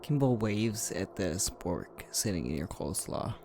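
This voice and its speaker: Gravelly-voiced man, casual tabletop player narrating his character, faint background noise. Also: low-pitched, very animated, measured pace, warm tone. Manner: filler-heavy, describes his character's actions.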